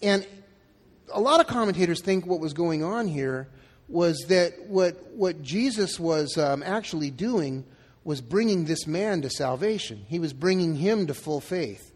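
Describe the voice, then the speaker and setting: A man's voice: fairly high pitch, animated, measured pace, husky, in a large hall. A male pastor preaching a sermon in a casual, conversational way, acting out the quoted lines. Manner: conversational, acts out quotes in dialogue.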